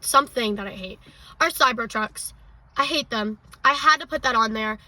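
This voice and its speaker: A woman's voice: fairly high pitch, moderate pace, sharp tone, recorded from a distance, poor audio. A young woman co-hosting a podcast, chatting casually with lots of fillers. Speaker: podcast co-host. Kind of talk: casual chat.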